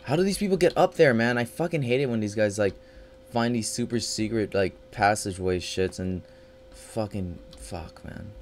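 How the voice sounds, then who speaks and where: A man's voice: on the low side, normal speed, slight background noise. A man giving live gameplay commentary, swearing constantly and swinging between panicked yelps and frustrated grumbling. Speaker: gaming channel host.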